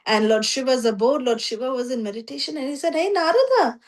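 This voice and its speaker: A woman's voice: fairly high pitch, fast. A woman teaching a scripture class, telling the story animatedly with many 'you know' fillers. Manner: animated storytelling, acting out voices.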